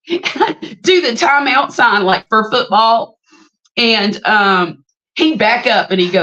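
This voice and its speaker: A woman's voice: a little high, lively intonation, slow pace, bright, forceful tone, muffled recording. A woman, hosting a casual livestream, telling stories, greeting viewers by name and laughing often. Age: 50s. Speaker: livestream host.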